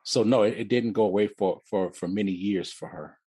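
He's in his fifties, from Detroit, and stumbles through his life story in an interview, repeating himself and starting words over. His fairly low voice has a dark, slightly rough tone, captured dry.

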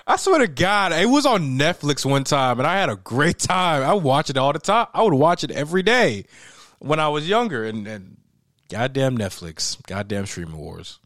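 A young man hosting a casual podcast chat, animated and laughing often as he acts out movie scenes. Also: a little high, normal speed, dry recording, studio quality. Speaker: podcast host. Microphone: podcast microphone.

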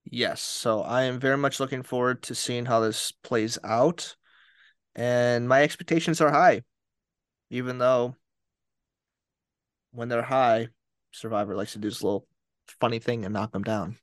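A man's voice: medium pitch, fairly even intonation, unhurried, pauses often, no room sound. A chatty man co-hosts a casual podcast, laughing easily and slipping into quoted voices. His voice sits in a middle register. The sound is dry and close, with no room around it. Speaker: podcast co-host. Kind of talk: casual chat.

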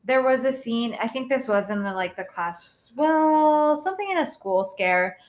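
A young adult woman co-hosting a podcast in casual, animated chat, swearing freely and saying "like" a lot. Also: a little high, normal speed. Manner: chatty, animated, swears, lots of "like". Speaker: podcast co-host.

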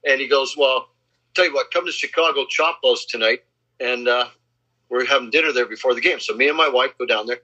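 A man in casual chat, telling boastful anecdotes and acting out the quotes in a husky voice. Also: medium pitch, brisk, sharp tone. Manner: boastful name-dropping anecdotes, acts out quotes. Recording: slightly dull lo-fi sound.

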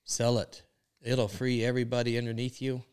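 Earnest man telling a faith story, smooth voice. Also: mid-range voice, flat delivery, normal speed, darkish tone. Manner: earnest storytelling, many "and, uh" links. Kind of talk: sharing a faith testimony. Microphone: podcast microphone.

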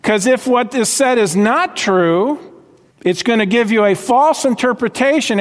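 An emphatic male preacher with a high voice delivers a sermon, pausing to ask his congregation questions. His words carry a long reverb from a church hall. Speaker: pastor.

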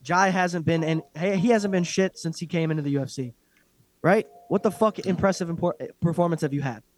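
A man's voice: a little high, fairly quick. A man co-hosting a casual fight recap chat, ranting bluntly and swearing a lot. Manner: blunt, profane, animated ranting. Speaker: podcast co-host.

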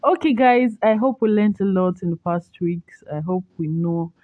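A woman's voice: fairly low pitch, normal speed, dry recording, narrow, tinny audio. A young woman hosting a casual morning talk show, chatty and teasing, explaining things to her listeners. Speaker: host.

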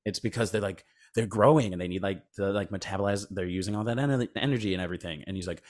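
A man with a fairly low voice, co-hosting a casual movie podcast. He rambles through the plot, swears freely and drops into a low mumble when quoting characters. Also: fast, few pauses. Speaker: podcast co-host. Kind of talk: casual movie-review chat.

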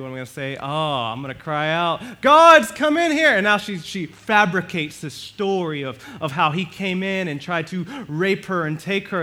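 A male pastor preaching a sermon, animated, swinging between loud and soft and acting out the quotes. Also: on the high side.

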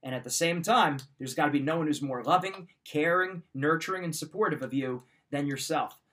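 A man's voice: fairly high pitch, fairly quick, fairly bright tone. A man hosting a show, giving motivational advice in an emphatic, direct way and repeating his points. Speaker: podcast host. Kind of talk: motivational talk.

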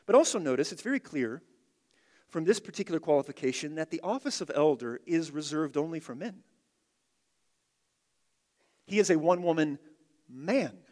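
A man preaching an expository sermon, emphatic, repeating key phrases and swinging from loud to hushed. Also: fairly high pitch, lively intonation, moderate pace, pauses often, in a large hall. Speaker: pastor.

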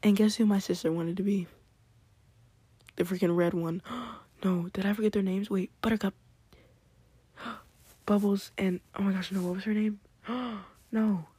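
A woman chatting excitedly in a hushed, whispery late-night ramble at home, trying not to be heard. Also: medium pitch, normal speed, pauses often, breathy edge, dry recording. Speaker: podcast host.

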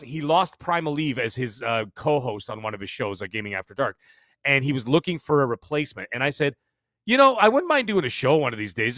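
Canadian man in his fifties, quick energetic guest, slightly high voice, dry close sound. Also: no echo. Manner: fast, energetic storytelling with frequent restarts. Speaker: podcaster guest. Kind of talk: casual interview chat.

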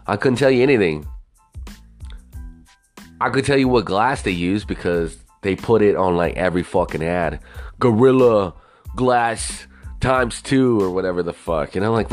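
A young podcast host with a voice on the low side rants casually on his solo show, swearing a lot and wandering into rambling asides. He's animated and speaks at a moderate pace, with faint music behind him.

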